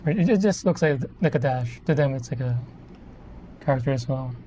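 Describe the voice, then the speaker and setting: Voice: mid-range voice, expressive, normal speed, warm tone, a little hiss or hum. A person in their thirties from the Philippines, chatting casually on a live stream in a rambling, self-correcting way. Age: 30s. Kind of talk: casual live-stream chat while building a model kit.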